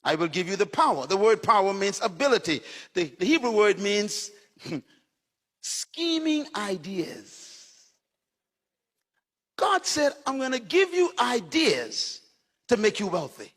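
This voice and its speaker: High, bright-voiced preaching pastor. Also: male voice, big pitch swings, takes it slowly, pauses often, big-room sound. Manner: preaching in short punchy phrases, storytelling. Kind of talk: sermon.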